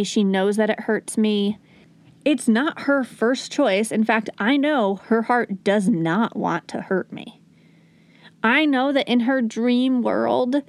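A young adult woman teaching parents how to calm toddlers, earnest and coaching, softly acting out what to say to a child. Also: mid-range voice, no echo. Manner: earnest, coaching, acts out gentle lines to a child. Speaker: parenting educator. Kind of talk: instructional talk to parents.

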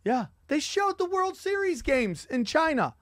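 A man hosting a podcast, telling stories in an animated, profane comedic rant. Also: very high voice, measured pace, no room sound, clean studio sound. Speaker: podcast host.

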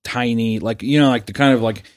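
Dude on a podcast, swears a ton, does goofy high voices quoting people, regular pitch. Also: male voice, fairly quick, slight background noise. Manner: animated storyteller, acts out quotes in high mocking voices, swears freely. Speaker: podcast co-host. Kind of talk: casual chat.

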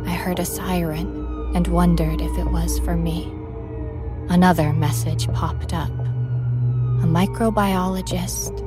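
Female horror narrator, measured and grave, slow delivery over a music bed. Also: fairly low pitch. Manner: measured, grave first-person storytelling. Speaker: story narrator.

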